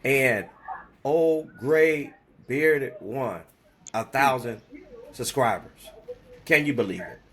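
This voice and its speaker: A man moderating a wrestling podcast, talking with loud repetitive hype. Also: mid-range voice, slow pace, pauses often. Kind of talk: hyped podcast intro.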